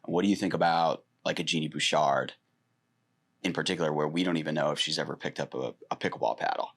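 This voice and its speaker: A man's voice: a bass voice, quick pace. A man co-hosting a podcast in casual chat, easygoing and full of fillers. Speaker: podcast co-host.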